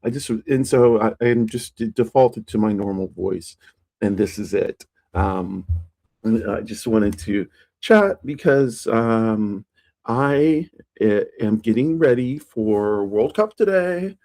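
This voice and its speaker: Casting note: easygoing, slow-talking live streamer, warm mellow tone, rambly, sometimes nudges the voice higher. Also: animated. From United States. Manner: rambling, with many fillers and restarts; plays with raising the pitch of the voice. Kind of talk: casual solo live-stream chat.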